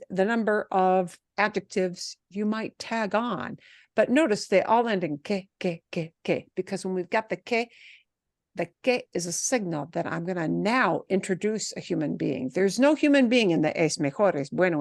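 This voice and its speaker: A woman teaching a class, patiently explaining and rephrasing, slipping in short Spanish phrases with a chatty, lively manner. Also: medium pitch, no echo, clean studio sound.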